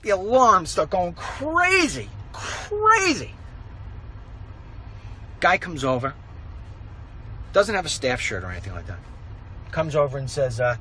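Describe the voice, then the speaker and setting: A man rants as he walks down a city street, his voice swooping up and down and sitting fairly high. He acts out the people he quotes. Traffic and street noise run clearly behind him. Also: wildly swooping pitch, unhurried, pauses often, bright, forceful tone. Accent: New York. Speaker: political commentator and show host. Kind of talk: walk-and-talk vlog monologue.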